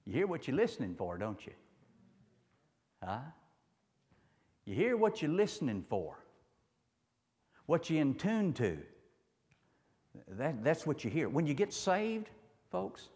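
A man's voice: a little high, sing-song, slow pace, long pauses, darkish tone, in a large hall. A man preaching a sermon in a folksy, storytelling way, repeating his phrases and asking the listeners "huh?".

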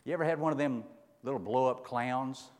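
A preacher delivering a sermon in a folksy, emphatic way, dropping low and rising loud again. His medium-pitched voice rings through a long echoing hall. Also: fairly quick. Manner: folksy, emphatic, dramatic swings in loudness.

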